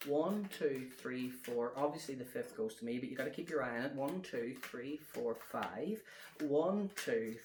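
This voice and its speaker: A man, a magician telling a casual story while demonstrating card tricks and counting cards out loud. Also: medium pitch, slight background noise. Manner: chatty, relaxed, counting cards aloud as he deals. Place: at home during lockdown. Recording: roomy echo.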